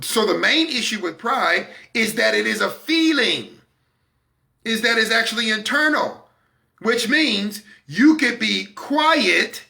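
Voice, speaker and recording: A man's voice: sits high, gravelly, pushed and bright. A man hosting a talk broadcast in a preaching-style manner, speaking emphatically and with confidence, repeating words to drive his points home. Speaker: broadcast host.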